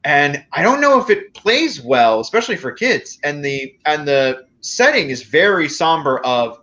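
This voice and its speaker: A man's voice: on the high side, sing-song, measured pace, few pauses, bright, forceful tone. Rambling man on dull call audio. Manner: rambling, analytical. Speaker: guest. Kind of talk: casual chat.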